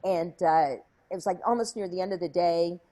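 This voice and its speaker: A woman's voice: fairly low pitch, fairly quick, dark tone. A woman guest in an interview, telling a story in a chatty way with many fillers and acted-out quotes. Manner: chatty, many "like" fillers, acts out her own past lines.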